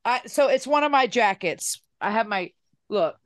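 A woman's voice: on the high side, lively intonation, normal speed, no echo. A woman co-hosting a casual chat over drinks on a video call, easygoing, with many short agreements. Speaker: co-host.

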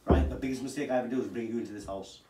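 A man's voice: medium pitch, fairly even intonation, rapid-fire. A man staging a furious argument at home, swearing and ordering someone out. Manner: angry, swearing, repetitive demands. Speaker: prank video host. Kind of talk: staged argument prank. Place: home indoors. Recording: echoey room from far off with noise.

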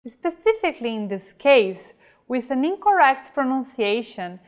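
A woman's voice: high-pitched, very animated. A woman teaching pronunciation in a scripted lesson, speaking carefully and saying each example word on its own. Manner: careful, measured teaching delivery with modeled example words. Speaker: language teacher.

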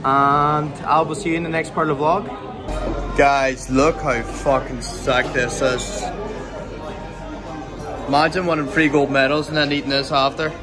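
A young man talking to camera in a casual vlog, excited and rambling, with lots of swearing and restarts. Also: on the high side, measured pace, long pauses, over music. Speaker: bodybuilder vlogger.

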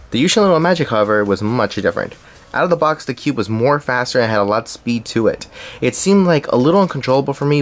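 A young man narrating a scripted puzzle cube review, reading along with small slips and restarts. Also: mid-range voice.

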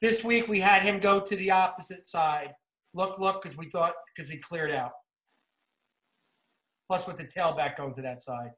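Male football coach, New Jersey accent, high voice, energetic clinic talk in a roomy echo. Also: normal speed, pauses often. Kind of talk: clinic talk narrating game film.

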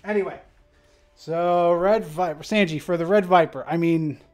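A man chats casually on a livestream, laid-back and rambling. His voice sits a little high and he laughs often between thoughts. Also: moderate pace, darkish tone, soft background music. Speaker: stream host.

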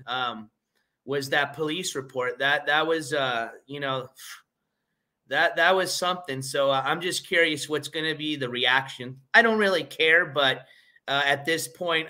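Guy on a livestream laughing his head off, slow rambly talk, bright kinda high voice, gets scornful. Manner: laughs a lot, rambling with many fillers and restarts; scornful and mocking. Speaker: livestream host. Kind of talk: casual livestream commentary.

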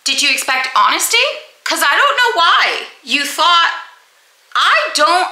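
A young woman reviewing books in a casual vlog, rambling and animated, with frequent "like" fillers. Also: extremely high pitch, measured pace, poor audio. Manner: animated, rambling, heavy use of "like". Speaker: book vlogger.

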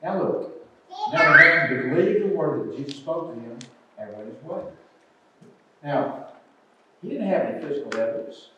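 An older preacher delivers an earnest sermon, his high voice moving between loud pleading and quiet asides. He sounds far from the mic. A heavy church echo hangs around every word. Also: lively intonation, moderate pace, long pauses, lo-fi sound, heavy background noise. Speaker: pastor. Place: church sanctuary. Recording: echoey church sanctuary, distant mic.

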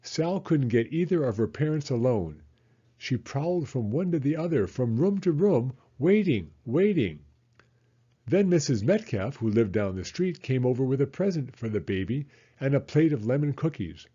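Male storyteller for kids, mellow husky voice, lively read-aloud, dull lo-fi home recording. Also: mid-range voice, normal speed. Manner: expressive, animated narration. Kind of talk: children's book read-aloud.

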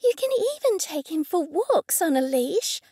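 A woman narrator voicing a friendly, patient young woman witch who speaks gently, slowly and with a pleading tone. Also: high voice, sing-song, dry recording, studio quality, pitched above the performer's own voice. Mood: earnest, gentle. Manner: gentle, slow and pleading, sometimes hushed.

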